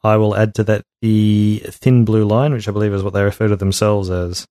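A man's voice: on the low side, level tone, brisk, warm tone, no echo, clean studio sound. A man co-hosting a casual gaming podcast in a laid-back way, often giving short agreeing replies. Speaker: podcast co-host. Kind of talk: casual chat.

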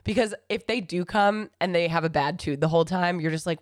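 A woman's voice: fairly low pitch, fairly quick, dry recording, clean studio sound. A young woman co-hosting a podcast in casual, chatty conversation, laughing often. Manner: chatty, laughs often, reads listener questions. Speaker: podcast co-host. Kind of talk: casual chat.

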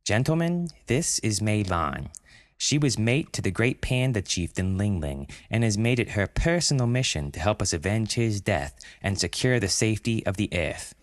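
A man's voice: lowish voice, very animated, moderate pace, dry recording, studio quality, voice pushed up. A man doing a firm woman president. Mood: explaining. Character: firm middle-aged woman president, a soccer mom. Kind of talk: storytelling audio drama.

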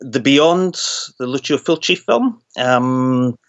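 A man's voice: mid-range voice, animated, takes it slowly, dull audio. A horror author, a man, chatting as a guest in an interview, often restarting his sentences and laughing at himself. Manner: stammering restarts, self-deprecating laughs. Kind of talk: casual interview chat.

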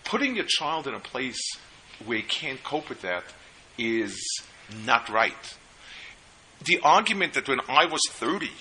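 A man lectures at a seminar in a very bright, sharp voice. He is earnest and stops and restarts as he tells stories to make his points. Faint hiss sits behind him. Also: medium pitch, poor audio. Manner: earnest, storytelling, halting restarts. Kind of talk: lecture on parenting.

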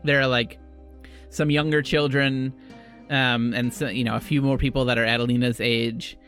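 A man's voice: mid-range voice, flat delivery, normal speed, a bit bright, soft background music. A man narrating a tabletop game as game master, in a loose style full of fillers. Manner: casual, filler-heavy narration.

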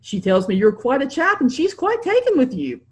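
A woman reading aloud and voicing a breezy, unflappable upper-class gentleman. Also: sits high, sing-song, normal speed, pitched above the performer's own voice. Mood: smooth. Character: unflappable posh English gentleman, man.

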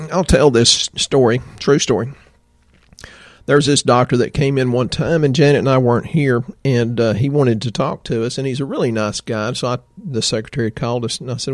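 A man's voice: medium pitch, no room sound, studio quality. A man hosting a health podcast, telling stories in a folksy way and talking straight to his listeners. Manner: folksy storyteller, addresses listeners directly. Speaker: podcast host and health practitioner.

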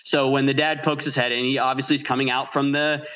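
Bright-voiced man, laughing podcast co-host. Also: medium pitch, fast talker. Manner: animated retelling with frequent laughs. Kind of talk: casual movie-review chat.

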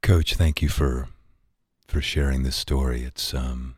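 Very deep slow guy hosting, short quiet replies, husky. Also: fairly even intonation, dry recording. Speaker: host. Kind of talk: interview.

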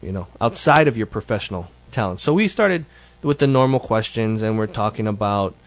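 A man's voice: fairly low pitch, expressive, brisk. A man hosting his show, giving a casual, rambling update that is full of self-corrections. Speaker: show host.

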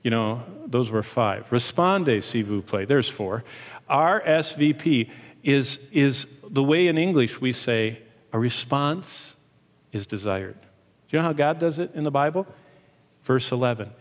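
A middle-aged man delivers a sermon from a church, his voice sitting in the middle of the male range. He preaches with animation, pressing some points slowly and rushing through others. The sound carries a long reverb from the hall around him. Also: mid-range voice. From Michigan, USA. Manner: animated preaching, shifting pace and emphasis. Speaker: pastor.

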